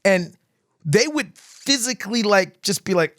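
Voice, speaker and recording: A man talking in a casual podcast chat, his voice sitting a little high and swinging widely as he tells stories. He swears freely and acts out the cheers of his friends. The sound is dry, close and free of room echo. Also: lively intonation, measured pace, fairly bright tone. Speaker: guest dancer. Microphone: podcast microphone.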